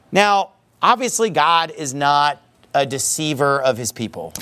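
A man's voice: on the high side, a little slow, pushed and bright. A man preaching a sermon, emphatic and leaning on rhetorical questions.

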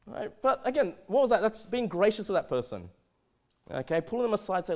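A man preaching a verse-by-verse sermon, animated and often repeating and restarting his words. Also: sits high, a little fast. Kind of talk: expository sermon.

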